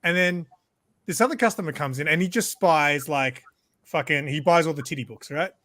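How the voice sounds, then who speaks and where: A man's voice: a little high, moderate pace, pushed and bright, no room sound, clean studio sound. Swearing, rambling man telling stories. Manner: rambling, swears freely, laughs at himself. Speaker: regular in a group hang-out. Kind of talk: casual storytelling chat.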